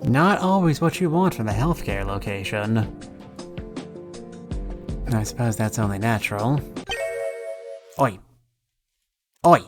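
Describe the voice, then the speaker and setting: A man streams a game, tossing off dry, sarcastic remarks in an unhurried, mid-pitched voice. Game music plays clearly behind him. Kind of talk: game playthrough commentary, reading dialogue.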